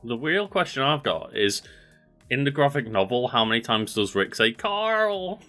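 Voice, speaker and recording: Bright-voiced joking male co-host. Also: medium pitch, moderate pace, soft background music. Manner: joking, laid-back banter. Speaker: podcast co-host. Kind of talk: casual chat.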